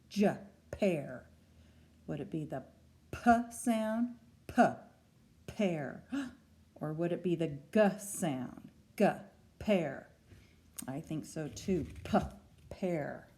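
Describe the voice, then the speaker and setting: Slow, gentle-voiced woman teacher. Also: fairly low pitch. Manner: slow, patient, sounding out letters for young children. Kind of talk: early-learning phonics lesson.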